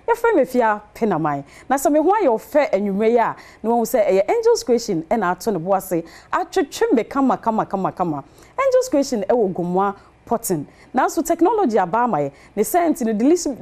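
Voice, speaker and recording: A woman's voice: fairly high pitch, big pitch swings, fairly quick, hardly any pauses, dark tone. A woman hosting a TV chat show, talking in a sing-song way and repeating words in rhythmic runs. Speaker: talk show host. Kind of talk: lively TV chat show hosting with on-air promos.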